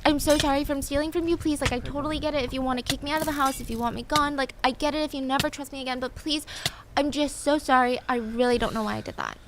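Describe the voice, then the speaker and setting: A woman's voice: high-pitched, lively intonation, fast, voice pushed up. A woman voicing a remorseful adopted teenage girl who pleads in tearful, rambling apologies, over a noisy background. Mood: tearful pleading.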